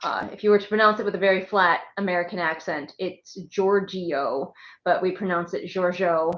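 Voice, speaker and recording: A woman's voice: fairly low pitch, steady tone, fast talker, fairly bright tone, lo-fi sound. A woman chatting casually on a live stream from her home, rambling and laughing often. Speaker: streamer and writer. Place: home with pets.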